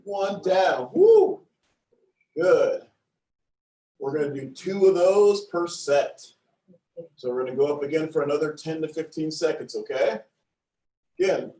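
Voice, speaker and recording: A man's voice: high-pitched, darkish tone, roomy sound, recorded from a distance, low-quality recording. A man leading a seated exercise class, counting reps aloud and cheering participants on in a playful, encouraging way. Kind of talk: upbeat class instruction with counting.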